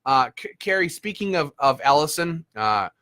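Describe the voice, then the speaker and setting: A man's voice: a little high, expressive, normal speed, pushed and bright. A man leading a gun rights group, giving combative, emphatic political commentary with frequent fillers like "uh".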